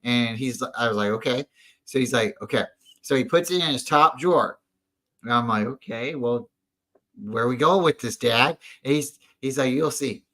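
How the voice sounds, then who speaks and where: Bright-voiced man rambling through a fan story. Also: medium pitch, moderate pace, poor audio. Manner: rambling storyteller with many restarts. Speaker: podcast co-host. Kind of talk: casual fan chat. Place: at home.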